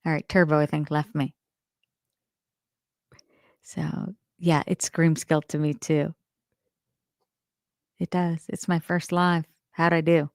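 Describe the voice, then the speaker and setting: A woman's voice: low voice, little pitch movement, slow, long pauses, no echo, clean studio sound. A middle-aged woman from New Jersey hosting a casual live stream about a trial, talking nonstop in a rambling, self-deprecating way. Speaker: true-crime show host.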